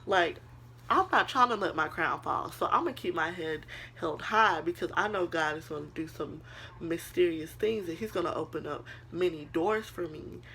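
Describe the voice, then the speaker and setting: Young woman vlogger, earnest pep-talk delivery, bright and gravelly, slight noise behind. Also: fairly low pitch, moderate pace. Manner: earnest, preachy, calls viewers girl and honey. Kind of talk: casual motivational talk to camera.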